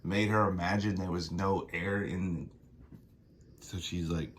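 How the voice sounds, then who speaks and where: A man's voice: sits low, steady tone, unhurried, slight background noise. A man reading a comic aloud and adding joking, casual asides between the lines. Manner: joking asides, trailing off into mumbles. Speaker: comic reader.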